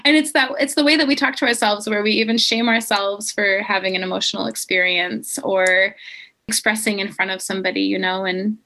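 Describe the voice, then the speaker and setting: Young woman coach on a podcast, bright crisp voice, super earnest and encouraging. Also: mid-range voice, a little fast. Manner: earnest, encouraging, quotes others in lively voices. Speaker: life coach. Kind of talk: casual podcast conversation.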